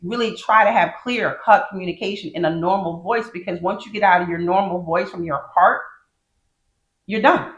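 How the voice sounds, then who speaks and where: A woman's voice: on the low side, moderate pace, a bit bright, roomy sound, dull audio. A woman co-hosting a casual podcast, telling stories and acting out quotes. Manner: chatty storyteller, acts out quotes. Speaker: podcast co-host.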